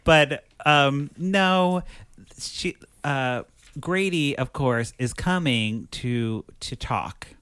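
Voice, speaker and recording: A man's voice: medium pitch, lively intonation, very slow, fairly bright tone, clean tone, no room sound. A man co-hosting a podcast, recapping a movie in casual chat, rambling and acting out the characters' lines. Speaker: podcast co-host.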